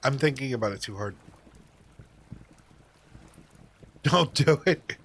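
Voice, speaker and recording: Bright-voiced man chatting on a stream. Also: mid-range voice, animated, slow pace, slight background noise. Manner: jokey, self-deprecating, thinks out loud. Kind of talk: casual live-stream chat.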